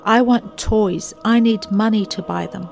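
A woman's voice: mid-range voice, unhurried, creaky, a little mellow. A woman voicing a boy who grows into a tired old man, asking in a plain, matter-of-fact way.

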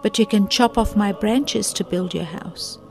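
Woman voicing a gentle, giving apple tree. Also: mid-range voice, moderate pace, gravelly, soft background music, lightly acted. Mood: tender.

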